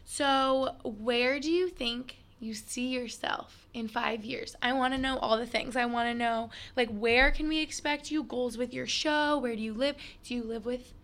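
A woman's voice: a little high, steady tone, measured pace, few pauses, fairly bright tone. A young woman hosting a podcast in a casual chat, asking friendly, rambling questions. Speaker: podcast host.

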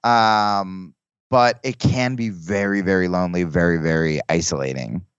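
A comedian guest talking in casual podcast chat, rambling with restarts and acting out quoted lines. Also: male voice, low-pitched, moderate pace, clear, resonant tone, dry recording, highs cut off.

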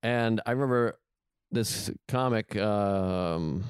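A man hosting a podcast in casual chat who answers with quick agreements and wanders into tangents. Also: on the low side, clear, resonant tone, dry recording, clean studio sound. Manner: quick affirming "right, right" and tangents. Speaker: podcast host.

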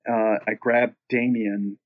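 A middle-aged man, a rock singer, telling a long story in a casual interview, rambling and profane, voicing other people's lines with lively shifts. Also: lowish voice, slow pace. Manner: rambling, profane, animated when quoting himself and others. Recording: dull lo-fi podcast audio.

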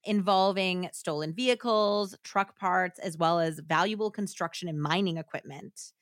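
A woman's voice: fairly low pitch, normal speed, no echo. Woman podcast host, casual true-crime storytelling, dry close sound. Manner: casual, with many likes and laughs.

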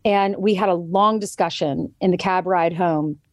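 A woman's voice: on the low side, normal speed, darkish tone, no echo, studio quality. A woman guest, an author and television co-host, telling a long story about her young daughter in a casual conversation, often quoting others as she goes. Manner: earnest storytelling, quoting others in changed voices.

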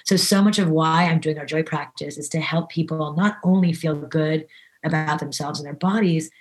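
Earnest low-voiced woman, chatty guest. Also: moderate pace. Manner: animated, many fillers and restarts, earnest. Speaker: podcast guest. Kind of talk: casual interview talk.

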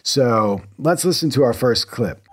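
A man's voice: mid-range voice, expressive, a little slow, very noisy. A man hosting a podcast in casual, rambling chat, full of restarts and little jokes. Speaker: podcast host.

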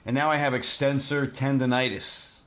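A middle-aged man telling an exasperated comic story, yelling and laughing as he goes. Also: mid-range voice, fairly even intonation, moderate pace. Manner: exasperated, yells and laughs through his story. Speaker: podcast guest. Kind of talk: comedic storytelling rant.

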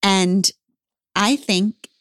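A woman's voice: medium pitch, extremely slow, dry recording, clean studio sound. A woman co-hosting a casual chat, earnest and reflective, sometimes teasing. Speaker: co-host.

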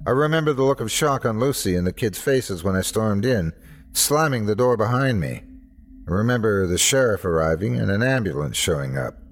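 A man's voice: fairly low pitch, expressive, a little fast. A man hosting and narrating a scripted horror story in a tense, dramatic first-person telling. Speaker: host and narrator.

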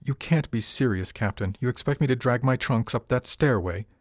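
A man's voice: medium pitch, normal speed, no echo, studio quality, close to an everyday voice. A man voicing a pompous, indignant male passenger in a fine suit, haughty and complaining, in an audiobook reading.

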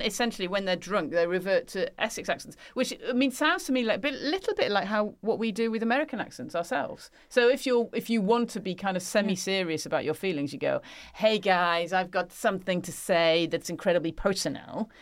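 A woman's voice: mid-range voice, lively intonation, fast talker, few pauses, no echo, studio quality. A woman hosting a newspaper review podcast in a casual, chatty way, laughing often as she reads bits from articles. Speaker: podcast host.

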